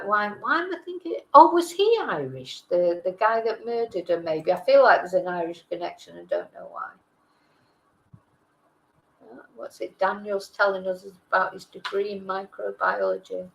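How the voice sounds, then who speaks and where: A middle-aged Englishwoman hosts a live stream, chatting casually and reading viewer comments aloud with many hesitations, fillers and self-corrections. Her mid-range voice is gravelly and a little bright, and she keeps a measured pace. The audio quality is poor.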